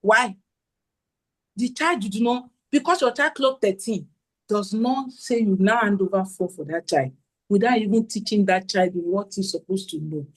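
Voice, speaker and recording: A woman's voice: mid-range voice, normal speed, rough recording. A woman, giving a parenting talk at a conference and asking her listeners questions as she acts out what parents and children say. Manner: animated, acts out quotes, asks audience questions.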